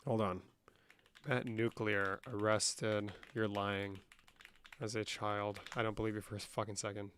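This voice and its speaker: A man's voice: lowish voice, little pitch movement, a little slow, a bit bright, slight background noise. A young man live-streaming, casually reading chat comments and answering them with lots of swearing. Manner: profane, reads chat aloud and answers.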